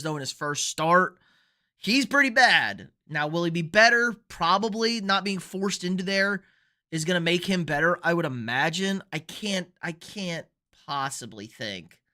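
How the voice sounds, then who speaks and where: A young man with a bright, forward voice runs a live football picks stream. He talks in a loose, rambling way and reacts to viewer chat as it comes in. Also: a little high. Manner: casual, rambling, reads and answers viewer chat. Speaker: sports show host.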